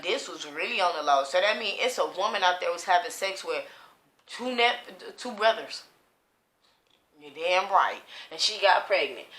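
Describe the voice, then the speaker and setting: A woman in a casual tarot reading, her voice bright and sharp as she rambles on with plenty of swearing. The room around her is echoey. She jumps from one thought to the next. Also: mid-range voice. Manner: rambling, profane, stream-of-consciousness. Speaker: tarot reader.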